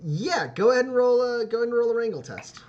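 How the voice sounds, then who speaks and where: A man's voice: very high-pitched, lively intonation, quick pace, a little mellow, dull audio, a little hiss or hum. A man narrating a tabletop role-playing game as game master, rambling with lots of "like" and "uh" and laughing often.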